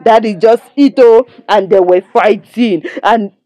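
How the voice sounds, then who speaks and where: A woman's voice: medium pitch, unhurried, warm tone, dry recording. A young Nigerian woman casually recapping a drama episode, chatting to her listeners and breaking off to lecture them. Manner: chatty, preachy asides, addresses listeners as "my people". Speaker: movie reviewer.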